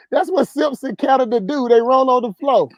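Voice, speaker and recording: This livestream host, a man from the rural southern US, has a very high-pitched voice and talks at a moderate pace. He reads comments from chat and tells stories casually, repeating himself and laughing. The audio has no echo.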